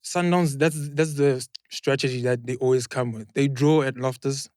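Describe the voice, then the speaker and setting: A man argues his point in a relaxed football chat, starting slowly and then building his case. His voice sits in a middle register. The recording is close and dry. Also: mid-range voice, no room sound. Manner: reasoned, hesitant starts. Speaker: podcast co-host.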